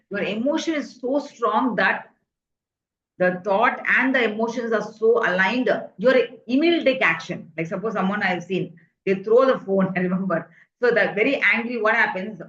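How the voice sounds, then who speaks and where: A woman's voice: mid-range voice, fairly bright tone. A woman coaching her audience in a workshop talk, earnest and repetitive, with many fillers, often asking her listeners questions. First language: Tamil. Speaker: life coach. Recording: muffled, echoey room.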